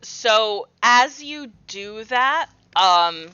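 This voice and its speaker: A woman narrating as game master of a tabletop game, describing scenes slowly with many fillers. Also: fairly high pitch, lively intonation, pushed and bright, smooth, no room sound, muffled recording.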